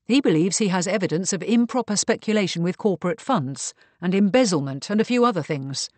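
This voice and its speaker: A woman voicing a composed, evasive gentleman who speaks smoothly and blandly. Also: medium pitch, animated, moderate pace, dry recording, close to an everyday voice. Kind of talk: audiobook character reading.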